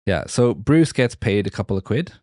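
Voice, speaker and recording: A man's voice: fairly low pitch, lively intonation, moderate pace, darkish tone, no echo, studio quality. A man from Wales hosting a podcast, chatting casually and rambling with fillers. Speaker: podcast host.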